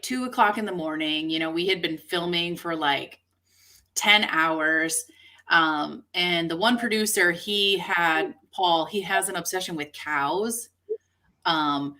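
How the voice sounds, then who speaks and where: Bright-voiced woman, chatty and giggly, casual storytelling co-host. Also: on the low side. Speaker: co-host and indie horror actress.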